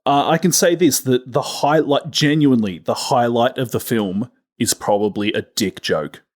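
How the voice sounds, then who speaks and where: A man's voice: medium pitch, normal speed, a little mellow. An Australian man co-hosting a film podcast, making dry, sardonic jokes in casual banter. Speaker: podcast co-host. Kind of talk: casual film-review chat.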